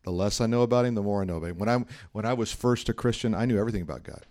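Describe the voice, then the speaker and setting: A man's voice: on the low side, racing, darkish tone. A middle-aged man preaching a sermon in a conversational, storytelling way, acting out the voices of people he quotes. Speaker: pastor.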